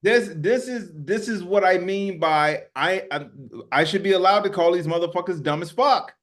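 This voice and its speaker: Male podcast co-host, a bit higher voice, angry profane rants with stammered repeats. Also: normal speed, a bit bright. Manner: angry, profane, repeats words when worked up. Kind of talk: heated political commentary.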